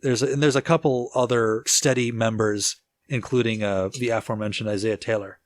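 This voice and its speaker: A man co-hosting a casual music-history podcast, relaxed and chatty with easy laughter and plenty of fillers. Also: lowish voice, a little fast, dry recording. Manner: relaxed storyteller, laughs easily, lots of filler "like". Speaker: podcast co-host.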